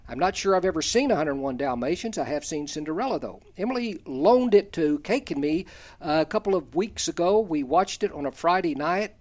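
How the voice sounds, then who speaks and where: A man's voice: fairly high pitch, expressive, fairly quick. An older man hosting a talk show, reading out a folksy, humorous story about kids and chuckling at his own jokes. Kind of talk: reading a personal column aloud, then casual chat.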